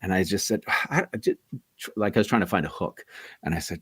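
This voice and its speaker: A man's voice: low-pitched, fast, fairly bright tone, breathy edge, dry recording. A middle-aged man, a voice actor, telling long rambling stories in a casual interview with many restarts. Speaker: voice actor guest.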